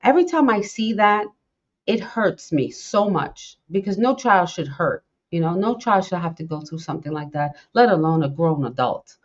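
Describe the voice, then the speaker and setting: A woman's voice: on the low side, expressive, moderate pace. A middle-aged woman hosting a podcast, talking in an impassioned, rambling way and repeating herself. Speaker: podcast host. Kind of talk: casual talk. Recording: dull lo-fi sound.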